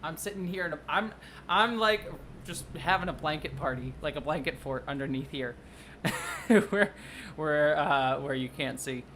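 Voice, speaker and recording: A livestreamer and video producer chatting casually at home, rambling, excitable and often apologetic. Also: medium pitch, a little slow, a little hiss or hum. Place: at home under a blanket.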